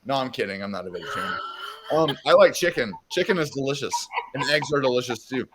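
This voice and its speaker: Casual male co-host, swearing and meandering, mock drawl, low hiss behind. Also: expressive, quick pace. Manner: rambling, profane, self-mocking, slips into a put-on Southern drawl. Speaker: podcast co-host. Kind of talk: casual chat.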